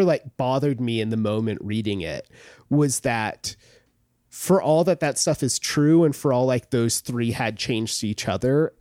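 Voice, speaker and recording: A man's voice: medium pitch, darkish tone, dry recording, clean studio sound. A man co-hosting a podcast, talking casually about a novel in a rambling way with many fillers and restarts. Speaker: podcast co-host. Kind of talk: casual book discussion.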